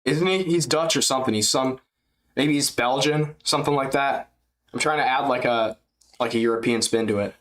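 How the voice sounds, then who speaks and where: A man's voice: medium pitch, moderate pace, fairly bright tone, poor audio. An American man hosting a casual fight-companion livestream, talking in a loose, slangy, rambling way and laughing often. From United States.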